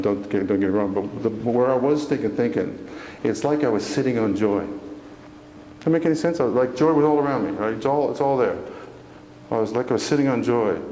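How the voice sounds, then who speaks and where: A man's voice: lowish voice, warm tone, slight background noise. A man speaking as a motivational speaker to a live audience, earnest and folksy, often asking the audience questions. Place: church hall. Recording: echoey hall from far off.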